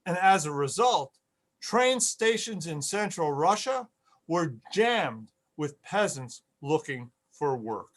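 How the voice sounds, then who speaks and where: A man's voice: fairly high pitch, big pitch swings, slow pace. A man giving an online history lecture over a video call, earnest, repeating key words for emphasis.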